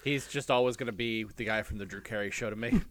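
A man's voice: on the low side, fast, a bit bright, dry recording. A man co-hosting a podcast, chiming in with short reactions and jokes. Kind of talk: casual chat.

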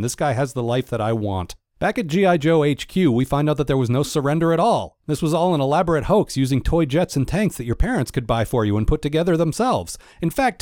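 A man's voice: fairly high pitch, a little mellow, no echo, clean studio sound. A man narrating a comedic recap of a cartoon episode, with sarcastic, wry asides. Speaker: cartoon reviewer.

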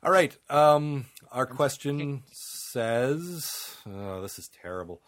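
Bright-voiced male podcast host. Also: mid-range voice, lively intonation, slow, no room sound, studio quality. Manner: rambling, with frequent fillers and laughs. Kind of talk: casual comedic chat.

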